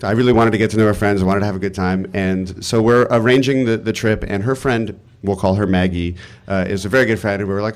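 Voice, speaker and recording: A man telling a personal story live on stage, animated and exasperated, swearing freely. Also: on the low side, quick pace.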